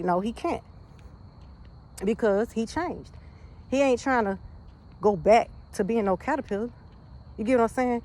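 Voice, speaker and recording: Slightly breathless woman, slangy pep talk. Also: mid-range voice. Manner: slangy, repeats "you get what I'm saying". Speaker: vlogger. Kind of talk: casual motivational talk.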